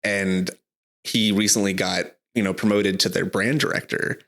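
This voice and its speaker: A young man co-hosting a podcast in casual chat, halting often with restarts and fillers. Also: low-pitched, level tone, fairly bright tone. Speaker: podcast co-host.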